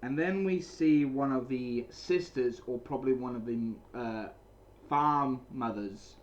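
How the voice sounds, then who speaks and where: A man's voice: mid-range voice, measured pace, dull audio. A man casually recapping and reviewing a comic chapter, rambling with many restarts and repeated phrases, speaking from a small room at home. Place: small cold room indoors with a heater running.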